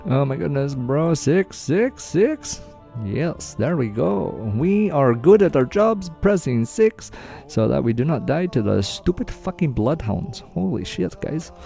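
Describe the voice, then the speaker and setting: A man's voice: fairly high pitch, big pitch swings, measured pace, vocal fry, mellow, faint music behind. A man streaming gameplay and commenting live, hyped up, cheering himself on and swearing freely. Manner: hyped, profane, self-cheering.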